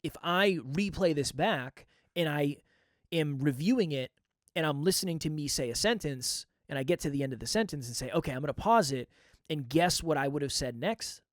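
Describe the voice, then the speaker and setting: A man's voice: on the high side, animated, moderate pace, dry recording. A man hosting his own podcast, talking candidly and reflectively in a coaching manner into a close microphone. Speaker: podcast host. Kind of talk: reflective solo podcast talk.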